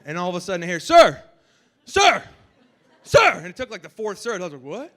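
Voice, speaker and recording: A young man doing a stand-up comedy set on a festival stage, with a loose, rambling delivery full of "like" and shouting over the crowd at times. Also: high-pitched, very fast.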